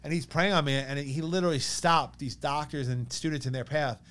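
A man in his thirties with a New York accent, telling a personal story as a podcast guest in an animated way, acting out what others said. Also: a little high, a little fast. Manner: animated, quotes others in lively bursts.

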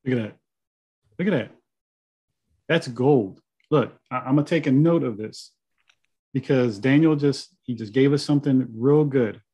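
A man's voice: mid-range voice, warm tone, breathy edge. A man hosting a podcast, recapping his guest's points in an enthusiastic, casual way. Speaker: podcast host.

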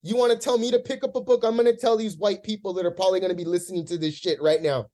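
A man's voice: high voice, steady tone, racing, warm tone. A man in a podcast discussion, talking in an impassioned, profane rant, visibly emotional.

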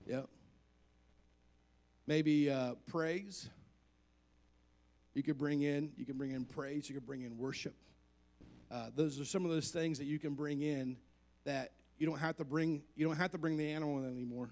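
A man's voice: a little high, fairly even intonation, moderate pace, vocal fry, pauses often, a little mellow. A male pastor preaching a conversational sermon, asking the congregation questions and joking along the way.

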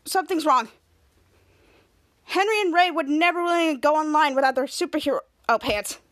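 Give me a woman reading as a sharp young sidekick who sounds suspicious and urgent. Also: high-pitched, normal speed.

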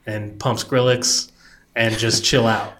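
A man co-hosting a casual talk show about design work, rambling and relaxed with lots of fillers. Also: on the low side, slow, slight background noise. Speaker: podcast co-host, designer. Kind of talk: casual chat.

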